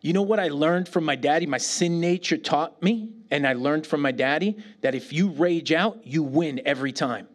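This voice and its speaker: Animated man preaching a sermon. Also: on the high side, normal speed, few pauses. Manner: animated storytelling, dropping to a near whisper in prayer. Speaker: pastor.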